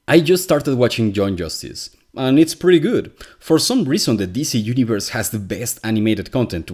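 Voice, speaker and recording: A man whose first language is Spanish talks in a wry, exasperated way. He delivers a scripted commentary at a middling pitch. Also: darkish tone. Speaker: commentary video host.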